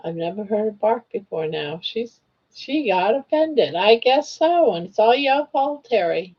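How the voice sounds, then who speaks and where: A woman's voice: mid-range voice, very animated, unhurried, slightly rough, highs cut off. An older woman hosting a casual crochet live stream, chatting, teasing viewers and counting stitches aloud.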